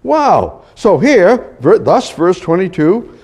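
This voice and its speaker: High-voiced preacher, animated and halting. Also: male voice. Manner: animated, swings between loud exhortation and hushed low asides; halting restarts and repeated words. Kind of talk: sermon.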